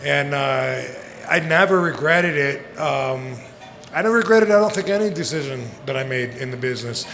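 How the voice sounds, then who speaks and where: A man's voice: a little high, moderate pace, a bit bright, soft background music. Laughing man telling stories live. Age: 40s. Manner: rambling, profane, laughs often. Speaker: guest. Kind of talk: casual storytelling on a live podcast. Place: live show venue. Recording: live venue with long reverb and faint noise.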